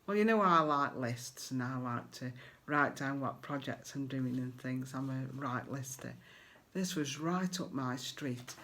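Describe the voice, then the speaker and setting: A woman's voice: rumbling low, measured pace, a bit bright, slight background noise. A middle-aged English woman chatting casually to her viewers as a crafting vlogger, rambling with fillers and friendly asides.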